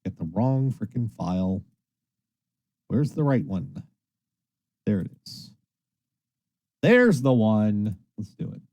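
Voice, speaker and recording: A man's voice: fairly low pitch, slow, pauses often, dry recording. A tired man hosting a late-night internet radio stream, chatting loosely and swearing as he rambles between songs. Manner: lively, rambling, swears casually.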